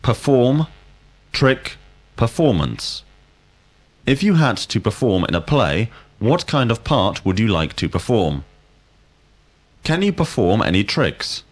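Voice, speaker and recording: A man leads a scripted drill. His questions come slowly and deliberately, with a lively rise and fall of pitch. His voice sits a little low. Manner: slow, deliberate, clearly enunciated questions. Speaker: language teacher.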